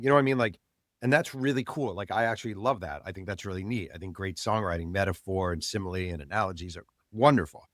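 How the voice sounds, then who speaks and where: A man, an author guest on an interview show, telling a story in animated fashion and acting out the people he quotes. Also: lowish voice, fast talker, dry recording, clean studio sound.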